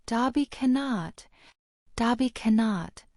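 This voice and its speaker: A woman's voice: fairly high pitch, expressive, takes it slowly, a little mellow, dry recording, clean studio sound, pitched above the performer's own voice. A woman voicing a timid, servile male house elf who speaks of himself in the third person, read as an audiobook character. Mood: anxious pleading.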